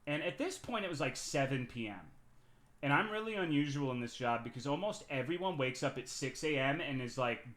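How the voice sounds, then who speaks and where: A man's voice: medium pitch, fairly bright tone. A man telling a long work story on his live stream in a casual, profane, rambling way, often restarting his sentences.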